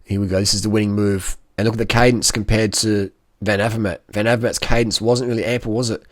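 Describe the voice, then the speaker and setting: Excitable slangy man commenting, dry sound. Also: lowish voice, fast talker, no room sound. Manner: excitable and slangy, full of exclamations. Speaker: cycling vlogger. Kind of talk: casual commentary over race footage.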